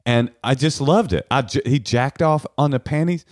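A man's voice: medium pitch, moderate pace, no echo, studio quality. A man co-hosting a podcast, chatting casually in a rambling, joking, crude way. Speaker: podcast co-host. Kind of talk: casual chat.

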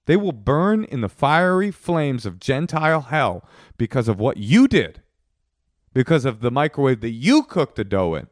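A man's voice: medium pitch, very animated, moderate pace. A man co-hosting a comedy podcast, his voice rising and falling a lot as he teases and feigns outrage. He laughs often. The sound is close and dry, with no room echo. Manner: teasing, mock-indignant, laughs often. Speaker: podcast co-host. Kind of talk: comedic casual chat.

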